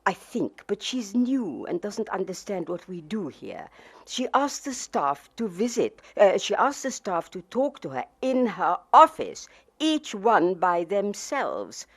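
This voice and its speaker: A woman's voice: mid-range voice, very animated, takes it slowly, voice pushed up. A woman reading aloud the lines of a spiteful older female office manager who speaks in a sly, gloating way.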